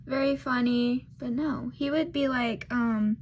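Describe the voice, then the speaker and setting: A woman's voice: fairly high pitch, fairly even intonation, unhurried, few pauses, slight background noise. A woman vlogger telling a casual storytime while doing her makeup, rambling and losing her thread with lots of fillers.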